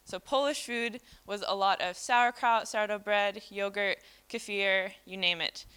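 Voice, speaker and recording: An American woman lectures at a live seminar in a loose, conversational way, filling pauses with "um" and "like". Her voice is bright and clean, cutting through with a crisp, smooth tone. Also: mid-range voice, steady tone. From New York City. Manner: casual, chatty, many fillers like "um" and "like". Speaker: fermentation educator and speaker.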